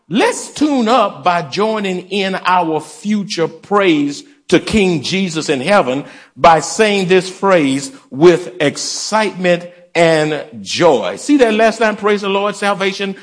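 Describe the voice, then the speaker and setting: A man preaching a sermon in a church, rousing the congregation with call-and-response. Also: sits high. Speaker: pastor. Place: church sanctuary.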